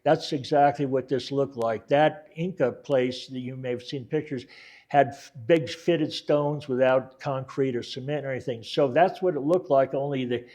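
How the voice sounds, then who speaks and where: A man's voice: medium pitch, moderate pace, darkish tone. Rambling older man telling a war story. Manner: rambling, backtracks and self-corrects, many fillers. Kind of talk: oral history talk.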